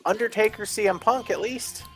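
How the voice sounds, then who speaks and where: A man's voice: sits high, moderate pace, slightly rough, soft background music. A man from Philadelphia with a Philadelphia accent, co-hosting a casual wrestling chat and giving strong opinions in long, rambling takes full of "like" and "you know". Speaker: co-host.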